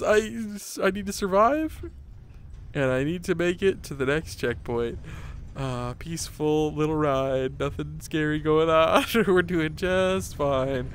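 A man commenting on a VR rollercoaster game, swearing, pleading and laughing, with frequent swings into panicked yelling. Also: fairly high pitch, animated, slow, a little hiss or hum. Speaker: gaming YouTuber. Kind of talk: VR gameplay commentary.

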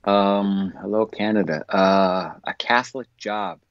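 Thoughtful low-voiced man, dull sound. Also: measured pace, smooth, no room sound. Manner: thoughtful, earnest, searching for words. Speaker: actor, podcast guest. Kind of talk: casual interview answers.

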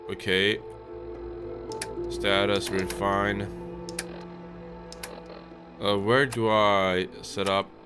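Male let's-play host, lowish voice, chatty with viewers, game music clearly behind him. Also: level tone, drawn-out words, pauses often. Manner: chatty, talks to viewers, yelps when startled. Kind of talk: gameplay commentary. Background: game music and sounds.

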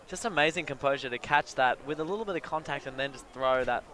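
A man giving live play-by-play commentary at an outdoor sports field, breaking into excited exclamations on big plays. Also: mid-range voice, quick pace. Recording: crowd noise from an outdoor field.

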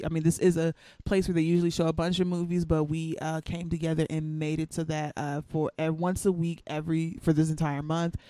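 A man's voice: a little high, a little mellow, no echo. A man hosting a casual recap podcast, telling the story and acting out the characters' lines. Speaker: podcast host recapping a TV episode.

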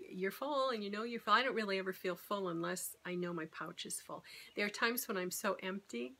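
A woman's voice: medium pitch, pushed and bright. A middle-aged woman talking candidly and rambling in a casual vlog about her weight-loss surgery. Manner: rambling, candid, self-deprecating.

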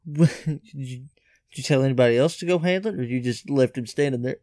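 A man's voice: mid-range voice, brisk, dark tone, no room sound, studio quality. A man in casual chat, reacting to stories with brief remarks and questions.

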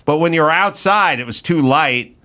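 A man's voice: a little high, lively intonation, normal speed, pushed and bright. A middle-aged man hosting a podcast, telling rambling, profane stories with mock outrage in a casual chat. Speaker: podcast host.

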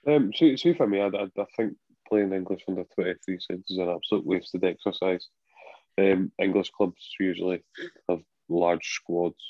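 A man's voice: deep voice, moderate pace, dry recording. A man co-hosting a football podcast in casual chat, blunt and opinionated. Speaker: podcast co-host. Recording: dull lo-fi podcast audio.

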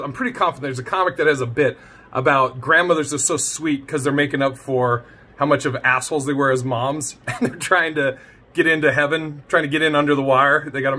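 A man's voice: fairly high pitch, a little fast, pushed and bright, husky. A man giving casual reaction commentary, laughing often and swearing freely. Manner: laughing, profane and chatty. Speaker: video creator reacting to a clip.

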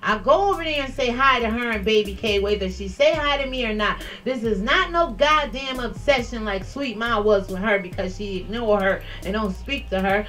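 A woman's voice: on the high side, moderate pace, hardly any pauses, faint music behind, poor audio. Brash profane woman vlogger. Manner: profane, loud and animated, laughing at own jokes. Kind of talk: casual commentary responding to comments.

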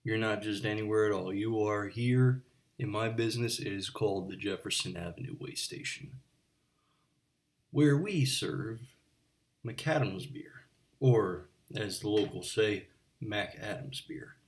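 A man's voice: lowish voice, measured pace, lightly acted. A man playing a rambling eccentric bartender. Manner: rambling, digressive, chatty asides to the listener. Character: eccentric rambling male bartender, pedantic and digressive. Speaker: bartender character. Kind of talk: improvised comic monologue. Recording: voice a bit far from the mic.

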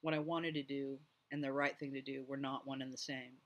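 A man reading a novel aloud at home, lively and doing each character's voice. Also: mid-range voice, fairly quick, muffled recording. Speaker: audiobook reader.

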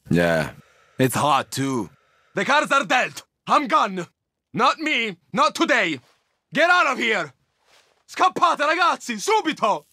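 A man's voice: high-pitched, bright, forceful tone, no room sound, clean studio sound, full character voice. A man with an Italian accent voicing a menacing, swaggering mob henchman in a video game, tossing out threats and Italian curses. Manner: threatening, swaggering, mixes Italian phrases into English. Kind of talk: video game ambient dialogue.

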